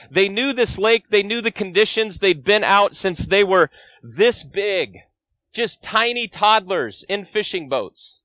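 High-voiced earnest guest preacher. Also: male voice, sharp tone, no echo. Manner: earnest storytelling with rhetorical questions to the congregation. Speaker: guest pastor. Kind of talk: sermon.

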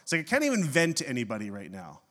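A middle-aged man, a pastor, preaching a sermon and telling a personal story with self-mocking humor and animated swings in his delivery. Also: medium pitch, racing. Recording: long hall reverb.

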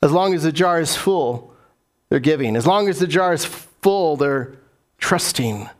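A man's voice: fairly high pitch, animated, measured pace. A man preaching a sermon as pastor, repeating key phrases for emphasis and putting questions to his congregation.

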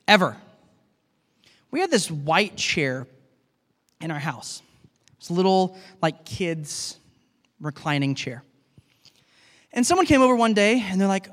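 A man's voice: high-pitched, lively intonation, unhurried, pauses often, a bit bright. A man who is a pastor, preaching a sermon in an earnest, conversational way and talking to the congregation as guys. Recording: long reverb of a large hall.

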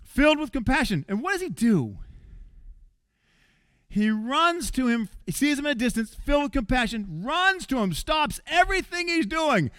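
A man preaching a sermon in an animated way, jumping between loud bursts and quiet asides. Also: very high-pitched, normal speed, clear, resonant tone, no echo, studio quality.

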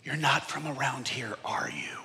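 A man voicing a tired, sarcastic fisherman who talks in a deadpan way. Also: high voice, normal speed, long reverb tail, slight background noise, exaggerated voice. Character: weary, sarcastic male fisherman.

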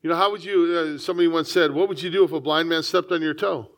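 High-voiced man preaching. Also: quick pace, a bit bright. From United States. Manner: conversational, with frequent asides. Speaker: pastor. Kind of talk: sermon.

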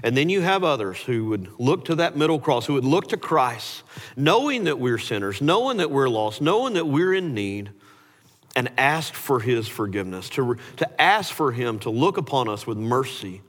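A man preaching a sermon, animated, his voice rising sharply when he voices quoted words. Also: medium pitch, normal speed. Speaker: pastor. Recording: hall reverb.

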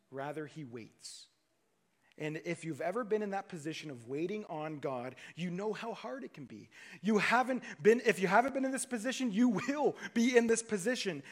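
A male pastor preaching a sermon, swinging from loud pleading to hushed, low passages.

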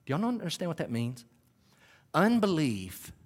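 A man preaching a sermon, animated, swinging between quiet asides and loud climaxes. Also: a little high, normal speed, long reverb tail. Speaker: pastor.

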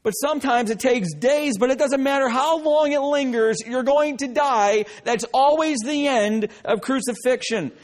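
A man's voice: extremely high pitch, normal speed, hardly any pauses. A male pastor preaching a sermon, emphatic and direct, often breaking in with "listen" and joking asides.

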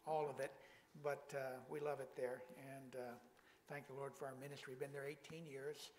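A man's voice: mid-range voice, little pitch movement, moderate pace, a little mellow, big-room sound, a little hiss or hum, rough recording. An older man preaching as a guest pastor in a church, speaking in a folksy way with self-deprecating humor. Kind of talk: sermon.

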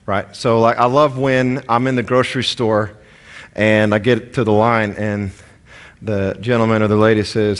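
A man's voice: lowish voice, fairly even intonation, normal speed. A man with a Southern American accent preaching a sermon in a conversational way, with asides and stories. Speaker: pastor.

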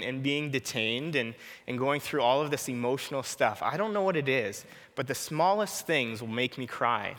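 A man's voice: medium pitch, bright, forceful tone, in a large hall. A man in his thirties preaching an earnest, personal sermon, often repeating a short prayer.

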